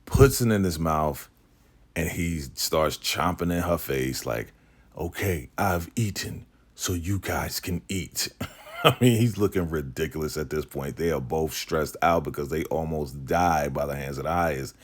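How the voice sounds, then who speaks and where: A man's voice: a bass voice, moderate pace. A man hosting a casual vlog, recapping a TV episode in a loose, slangy way and saying "like" constantly.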